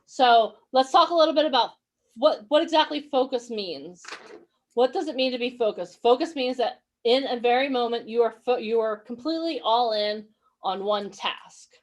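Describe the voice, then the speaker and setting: A woman's voice: fairly high pitch, moderate pace, a little hiss or hum. A woman coaching actors and models in a motivational online workshop. She talks energetically, encourages her listeners and keeps asking them questions.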